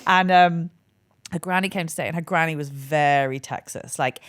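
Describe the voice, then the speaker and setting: A woman hosting a podcast, chatting casually and telling stories with animated delivery. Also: deep voice, normal speed. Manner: animated storyteller, acts out voices. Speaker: podcast host. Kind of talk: casual chat.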